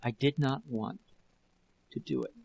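A man voicing a desperate young woman who pleads tearfully with her husband, in a slow, gravelly reading. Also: medium pitch, darkish tone, rough recording. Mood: broken, whispering.

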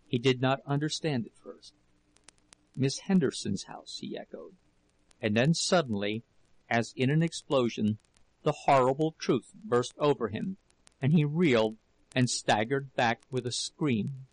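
A man narrating a novel in a slow, dramatic reading. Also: mid-range voice, no room sound, rough recording. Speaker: audiobook narrator. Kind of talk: scripted narration.

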